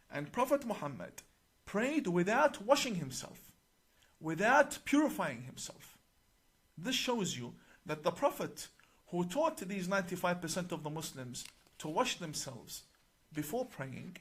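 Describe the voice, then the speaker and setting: Deliberate, emphatic male imam. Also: high-pitched, a bit bright, slightly rough. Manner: deliberate, emphatic, slowing on key words; recites passages in Arabic. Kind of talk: explaining a book to camera.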